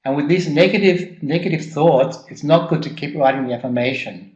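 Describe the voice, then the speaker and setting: A man leading a personal growth workshop, speaking haltingly with repeated words and frequent ums. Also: fairly high pitch, a little mellow, muffled recording. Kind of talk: live workshop teaching. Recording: echoey room.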